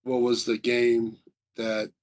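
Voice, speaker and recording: A man co-hosting a casual live stream, chatting excitedly and rambling a little as he reads viewer comments aloud. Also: mid-range voice, slow pace, a little hiss or hum. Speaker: stream co-host. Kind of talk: casual chat about video game awards.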